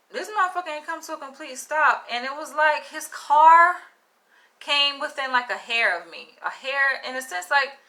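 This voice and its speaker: A young woman vlogger telling a story to camera in casual talk, swearing constantly and filling with "yo" and "like". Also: high voice. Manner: animated, swears constantly, says "yo" and "like".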